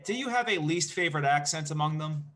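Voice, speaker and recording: A man hosting a podcast, asking questions with dry, deadpan jokes. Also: on the high side, fast talker, a little hiss or hum. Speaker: podcast host. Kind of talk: casual interview chat.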